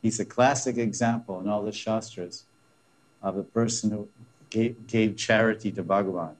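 A man's voice: on the low side, fairly even intonation, normal speed. A man teaching a scripture class, retelling a story with laughing asides and frequent restarts. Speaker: religious teacher.

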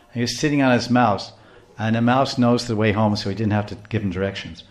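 A man giving a devotional talk, telling stories in a lively way, dropping to a hush and rising to loud bursts, laughing often. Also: mid-range voice, moderate pace. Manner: animated, swings from hushed to loud, laughs often. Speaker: spiritual speaker. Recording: echoey room.

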